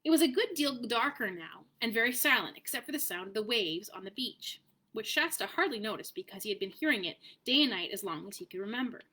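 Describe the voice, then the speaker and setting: A woman reads a children's chapter book aloud at home, telling it in a clear, even way. Her voice is bright and sits a little high. The pace is steady and easy to follow. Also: brisk. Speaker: narrator reading aloud to family. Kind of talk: storybook read-aloud.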